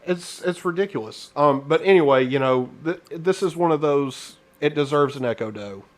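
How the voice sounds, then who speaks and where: A man's voice: on the high side, moderate pace. A man co-hosting a casual political chat show, rambling and sarcastic, often restarting his sentences. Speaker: podcast co-host.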